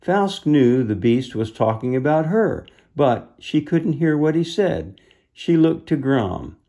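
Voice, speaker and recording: Slow, gravelly storybook reader man. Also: on the high side, sing-song. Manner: gentle, explains the story to young listeners. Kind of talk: reading a children's book aloud with asides.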